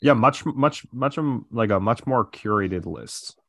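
A podcast host chats casually and in a relaxed way, peppering his speech with lots of "like" and "uh." His voice is mid-range and unhurried, recorded dry with studio quality.

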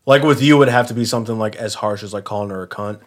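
A man's voice: on the low side, very fast. A man co-hosting a podcast, trading dry, laid-back quips in casual chat. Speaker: podcast co-host.

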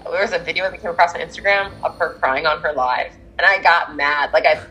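A woman on a podcast mic in casual chat, telling stories in an animated, venting way. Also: sits low, fast, slight background noise, low-quality recording.

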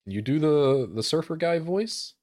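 A man's voice: fairly high pitch, lively intonation, a little slow, a little mellow, no echo, studio quality. A man co-hosting a live stream, teasing his co-host and laughing often. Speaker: podcast co-host. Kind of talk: casual chat.

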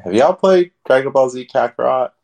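A man's voice: medium pitch, normal speed, creaky. A man co-hosting a podcast in casual chat, swearing freely and telling stories wryly. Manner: swears freely, wry, lively storytelling. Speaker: podcast co-host.

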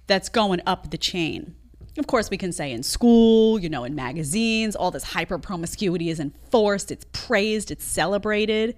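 A woman's voice: fairly low pitch, lively intonation, a little slow. A woman hosting a live show, reacting to clips with indignant, mocking commentary. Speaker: host. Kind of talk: opinionated live-stream commentary.

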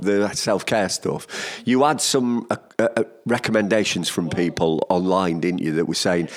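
A man's voice: deep voice, fairly even intonation, normal speed, few pauses. A man co-hosting a podcast in casual chat, enthusiastic and jokey. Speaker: podcast co-host.

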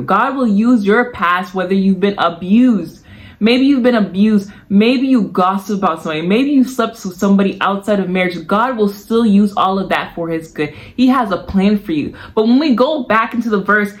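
In a medium-pitched voice at normal speed, a podcast host shares a personal faith testimony, earnest and reflective, in a casual devotional style. Phrases get repeated for emphasis.

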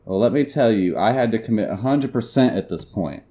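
A young man reading an internet story aloud and chatting on a casual podcast, deadpan with bursts of laughter. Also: lowish voice, brisk.

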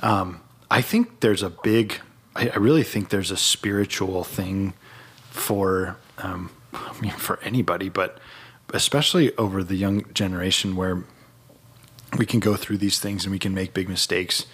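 A man's voice: deep voice, normal speed, a bit bright, husky. A young man co-hosting a Christian podcast, speaking in an encouraging, reflective way in casual chat. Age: young adult. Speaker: podcast co-host.

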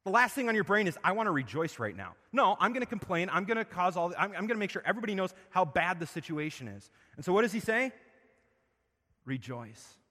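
A man's voice: sing-song, fast, hardly any pauses. Preaching man in a reverberant hall. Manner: asks the congregation questions, swings from loud emphasis to soft and low. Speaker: pastor. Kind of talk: sermon.

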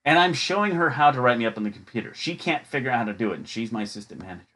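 A man's voice: medium pitch, expressive, rapid-fire, bright, forceful tone. A man hosting a podcast, telling funny stories in a chatty, jokey way and acting out the people he quotes. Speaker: podcast host. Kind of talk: casual storytelling.

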